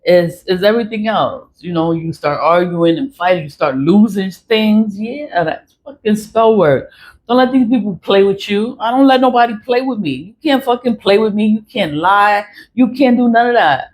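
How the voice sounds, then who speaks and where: A woman's voice: medium pitch, normal speed, a little mellow, slight background noise, poor audio. A woman talking straight to camera about her spiritual cleansing practice, blunt and swearing, laughing between her points. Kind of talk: casual monologue to camera.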